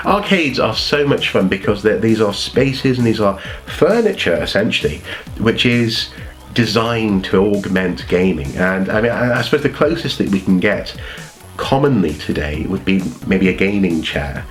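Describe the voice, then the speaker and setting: A man's voice: lowish voice, animated, normal speed, faint music behind. Chatty, meandering man with a cold. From North Wales. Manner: meandering, self-correcting, chatty. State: has a cold. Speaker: vlogger. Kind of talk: casual storytelling.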